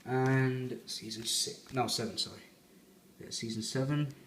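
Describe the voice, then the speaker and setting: A man's voice: medium pitch, steady tone, a little slow, roomy sound, slight background noise. A man giving a rambling, chatty fan review as he unboxes a collector's set.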